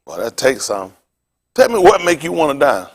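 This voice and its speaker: Lively animated male preacher. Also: medium pitch, moderate pace. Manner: animated preaching with call-and-response questions to the congregation; informal street talk in preaching. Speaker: pastor. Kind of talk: sermon.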